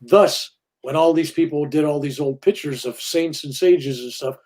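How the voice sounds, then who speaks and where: An older man, a minister appearing as a guest, talks earnestly about spirituality in an interview, acting out quoted voices in his stories. His voice is a little high and a little mellow, at a moderate pace.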